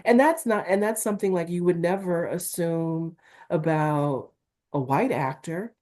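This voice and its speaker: Low, mellow-voiced woman with Valley-girl lilt. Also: measured pace. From Newark, New Jersey, USA. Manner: Valley-girl-like delivery, animated and emphatic. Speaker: talent agent guest. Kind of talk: candid interview conversation.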